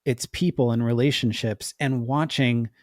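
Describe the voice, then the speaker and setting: A man's voice: mid-range voice, fairly even intonation, normal speed, no room sound, studio quality. Chatty man guesting on a podcast. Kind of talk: casual film review chat.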